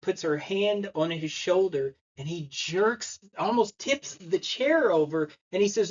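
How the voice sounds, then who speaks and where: A man's voice: high voice, animated, unhurried, few pauses, highs cut off. A man preaching a sermon, telling a story and acting out the people in it. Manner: storytelling, acts out the voices in his story. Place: church.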